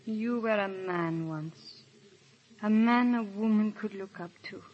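An actress playing an unhappy noblewoman reproaching her husband in a 1930s radio drama, slow and wistful. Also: medium pitch, highs cut off, natural voice.

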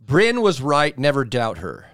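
A man's voice: mid-range voice, huge pitch swings, unhurried, a bit bright, a little hiss or hum. Joking man reading fan comments. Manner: joking, reads comments aloud, blunt. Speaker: podcast co-host reading listener comments. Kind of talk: casual sports chat.

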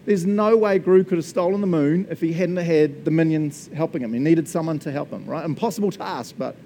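A man with a New Zealand accent preaching a lively, playful sermon, laughing often and now and then shouting for joy. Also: on the high side, fairly quick, slight background noise.

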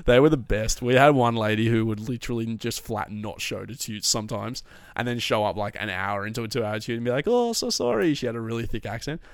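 A man's voice: fairly low pitch, fast talker, hardly any pauses, smooth, no room sound. Laid-back young man, dry room. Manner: relaxed, joking, laughs often. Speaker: podcast co-host. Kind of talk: casual chat.

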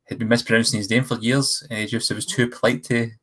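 A man's voice: medium pitch, little pitch movement, fast talker, a bit bright, husky. A man with a mid-range voice chats about films in a casual podcast. He is frank with his opinions and laughs easily. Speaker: film podcast co-host. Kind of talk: casual film discussion.

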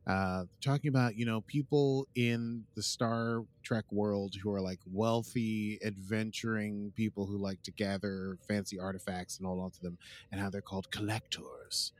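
A man's voice: fairly low pitch, fairly even intonation, moderate pace, no room sound. A man co-hosting a podcast, joking dryly in casual chat and recapping an episode's plot. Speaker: podcast co-host.

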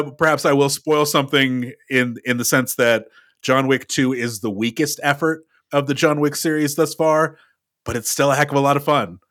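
A man's voice: mid-range voice, fairly bright tone, no echo, studio quality. A man co-hosting a movie podcast, musing thoughtfully in casual chat. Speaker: podcast co-host.

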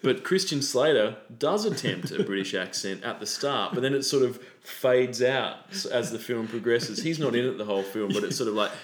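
A man's voice: medium pitch, lively intonation, moderate pace, hardly any pauses, roomy sound. A man co-hosting a podcast in casual chat, joking around with lots of ums. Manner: jokey, many ums. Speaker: podcast co-host.

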